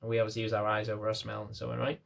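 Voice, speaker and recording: A man's voice: on the low side, completely flat delivery, very fast, vocal fry. Chatty dog trainer guy talking to camera, repeats stuff, acts little bits out. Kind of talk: casual explainer talk to camera.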